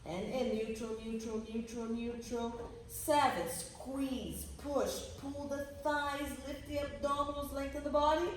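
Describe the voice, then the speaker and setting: A woman coaches a pilates class, counting reps in an energetic voice. She speaks high and slowly. The echoey studio carries her voice from some distance off the mic. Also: slight background noise. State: out of breath. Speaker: pilates instructor. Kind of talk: guiding a workout class. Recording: roomy echo from a distance.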